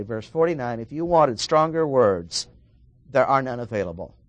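A man preaching a verse-by-verse sermon, emphatic and slowing down to stress the key words. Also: medium pitch, a bit bright, no room sound.

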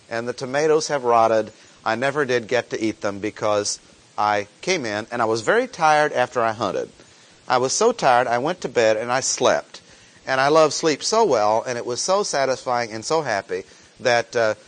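A man teaching a sermon, reading scripture verses and explaining them in a slow, deliberate way, repeating key phrases for emphasis. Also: mid-range voice. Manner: reads scripture aloud, then explains it plainly. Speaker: preacher.

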